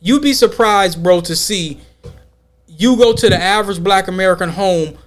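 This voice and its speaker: A man hosting a podcast, talking in an emphatic, slangy, animated way during a casual debate. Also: high-pitched, normal speed. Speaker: podcast host.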